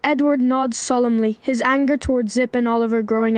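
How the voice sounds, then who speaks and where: A synthetic female voice giving scripted narration in an even manner. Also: fairly high pitch, a little fast, few pauses, no echo.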